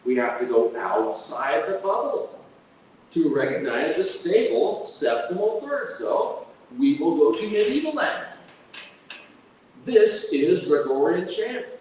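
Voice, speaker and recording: Man, lecturer, slow measured pace, sings example melodies on da syllables, distant mic, echoey hall. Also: fairly high pitch, sing-song, darkish tone, slight background noise. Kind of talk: academic lecture with sung examples.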